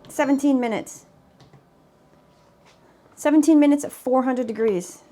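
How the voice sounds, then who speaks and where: Chatty woman with a bright, high voice. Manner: chatty, self-teasing, talks while tasting. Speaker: cooking vlogger. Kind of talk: casual off-the-cuff cooking commentary. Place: home kitchen. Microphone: camera mic, speaker off camera.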